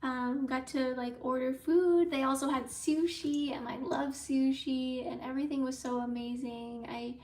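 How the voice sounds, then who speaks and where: A young woman vlogger telling a story in a casual, chatty, excitable way, full of likes and ums. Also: sits high, unhurried, few pauses. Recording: roomy, from a distance off mic.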